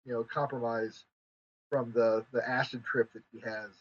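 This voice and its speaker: A man's voice: mid-range voice, level tone, moderate pace, lo-fi sound. A man speaking as a podcast guest, with a wry, dry humor. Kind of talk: casual discussion.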